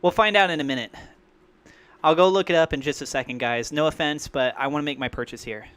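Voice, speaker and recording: A man hosting a crypto livestream, rambling and thinking out loud in an excitable way. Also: a little high, fast, clean tone, dry recording. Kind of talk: live-streamed crypto commentary.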